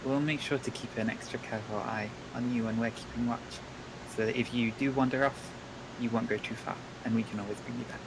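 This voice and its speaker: Calm, measured man with mic hiss. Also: medium pitch. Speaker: player. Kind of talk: playing a tabletop game in character.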